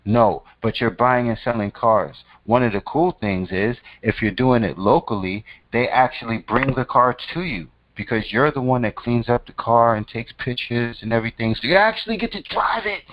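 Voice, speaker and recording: A man's voice: medium pitch, fairly even intonation, moderate pace, few pauses, fairly bright tone, low-quality recording. A man hosting his own channel, giving casual advice in a slangy, emphatic, repetitive way and calling the listener "son.". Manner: profane, repetitive and preachy. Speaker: host.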